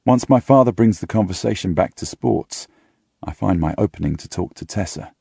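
A man reading a first-person novel aloud in a steady, intimate storytelling manner. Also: low voice, normal speed, vocal fry, breathy edge, no room sound, clean studio sound. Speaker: audiobook reader.

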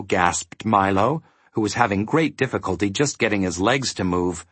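A man narrating a storybook with an expressive reading. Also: fairly low pitch, moderate pace, slightly rough, no room sound.

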